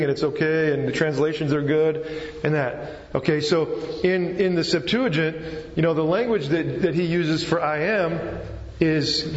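A man preaching a sermon, explaining step by step and checking in with his listeners. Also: a little high. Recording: echoey hall, slightly dull sound.

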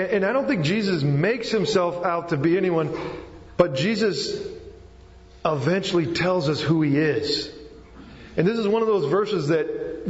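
A man preaching a sermon, explaining step by step and checking in with his listeners. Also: fairly high pitch. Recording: echoey hall, slightly dull sound.

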